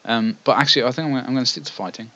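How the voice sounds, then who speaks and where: A man's voice: medium pitch, racing, a bit bright, dull audio. A man commenting on a text-based game, reading passages aloud and making chatty, self-deprecating asides. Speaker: let's play host.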